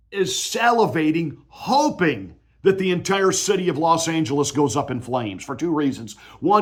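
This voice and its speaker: A male pastor giving political commentary in a combative, emphatic, mocking way. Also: high-pitched.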